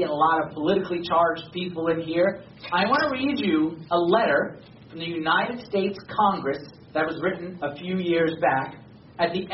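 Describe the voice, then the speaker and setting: A man's voice: a little high, a little hiss or hum. A man preaching a sermon to a congregation, talking conversationally and stressing key words. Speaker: pastor. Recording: echoey hall from far off, dull.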